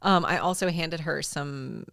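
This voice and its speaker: A woman's voice: sits low, a little slow, gravelly, a bit bright, dry recording, studio quality. A woman with a Southern accent co-hosting a podcast in casual chat, laughing often and teasing her co-host.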